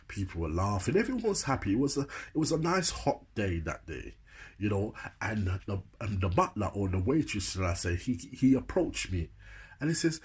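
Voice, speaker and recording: Chatty man with a husky voice. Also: on the low side. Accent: Jamaican. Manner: chatty, laughs often, keeps asking "you know what I'm saying". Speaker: storyteller. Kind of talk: casual comic storytelling.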